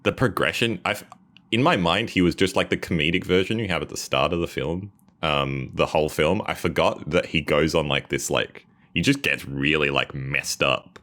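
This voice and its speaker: A man's voice: a bass voice, normal speed, fairly bright tone. A man talking casually about a movie on a podcast, rambling with hesitant restarts. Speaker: co-host. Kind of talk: casual chat.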